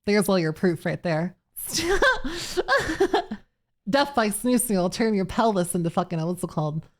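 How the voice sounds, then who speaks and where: A woman's voice: lowish voice, brisk, a little mellow. A woman live streamer chatting casually with her viewers, reading messages aloud, laughing often and swearing freely. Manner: giggly and profane, reads chat aloud.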